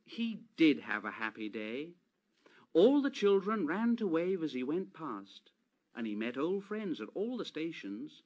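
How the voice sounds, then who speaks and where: A man reading a children's railway story aloud as narrator, expressive and gentle. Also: on the high side, muffled recording. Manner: expressive, slow read-aloud.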